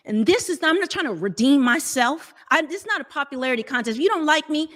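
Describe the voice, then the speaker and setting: A woman's voice: high-pitched, animated, fast talker, a bit bright. A woman, a dating coach, arguing in a heated debate, defensive and talking over others.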